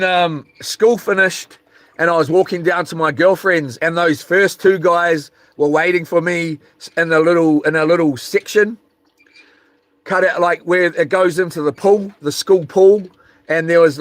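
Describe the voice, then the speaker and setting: A middle-aged man spins a rambling, animated story and acts out the voices and sound effects. His voice sits high for a man. The sound is dry and close. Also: normal speed, no echo. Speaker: vlogger. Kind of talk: casual storytelling.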